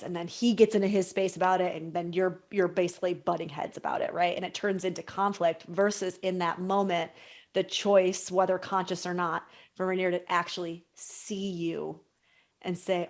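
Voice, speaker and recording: A woman's voice: on the low side, flat delivery, fairly quick, darkish tone. A woman hosting a podcast in casual chat, reflective and talking in long flowing thoughts. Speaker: podcast host.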